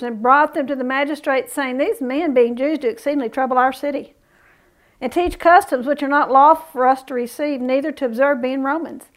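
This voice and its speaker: A woman's voice: high voice, a bit bright. A woman leading a Bible study, reading scripture aloud and adding folksy, chatty remarks between passages. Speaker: Bible teacher.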